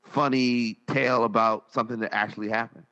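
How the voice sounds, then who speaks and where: A man's voice: medium pitch, steady tone, a little fast, pushed and bright, highs cut off. A man co-hosting a casual movie review chat, agreeable and stammering a little as he starts his points. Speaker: podcast co-host reviewing films.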